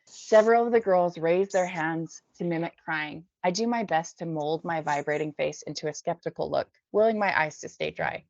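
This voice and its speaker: A woman from the Bay Area, a podcast guest, reading her memoir aloud in a measured, subdued way. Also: deep voice, gravelly, darkish tone, dry recording. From San Francisco Bay Area. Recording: dull dry lo-fi recording.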